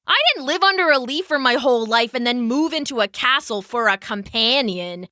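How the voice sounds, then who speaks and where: Haughty storybook fly king, male, scoffing and bossy, bright high voice, played by a woman. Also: expressive, normal speed, dry recording, studio quality. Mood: haughty grumpy. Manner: imperious, scoffing. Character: grumpy proud male fly king of castle.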